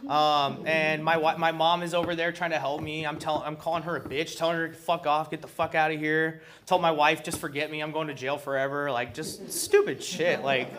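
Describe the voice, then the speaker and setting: A man's voice: fairly high pitch, flat delivery, fairly quick, hardly any pauses, background noise. Man casually sharing at a recovery meeting. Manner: loose and profane, heavy with fillers. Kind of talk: casual personal share.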